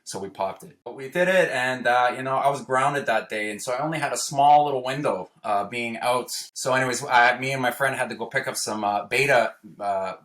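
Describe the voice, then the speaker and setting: Speaking briskly with few pauses in a mid-range voice, a Toronto man tells a personal story in a relaxed, animated manner. He performs the quoted lines and ends sentences with "right?". The room has a noticeable echo.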